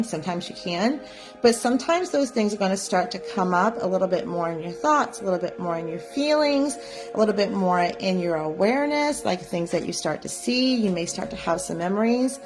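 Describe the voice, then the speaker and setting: A woman teaching a live psychic development class, guiding listeners gently and often checking in with "right?". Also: medium pitch, normal speed, over music. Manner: gentle, coaxing, repeats "right?". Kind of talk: guided live class instruction.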